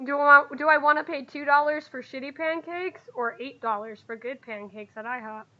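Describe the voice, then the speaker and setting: A woman's voice: sits high, normal speed, a little hiss or hum. A woman narrating as game master in a tabletop game, in a chatty way with frequent laughs. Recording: dull lo-fi recording.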